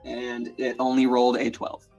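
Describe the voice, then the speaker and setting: A man's voice: mid-range voice, monotone, moderate pace, vocal fry, a little mellow, lo-fi sound, soft background music. A man running a tabletop game as game master, narrating in a playful, chatty way with lots of fillers.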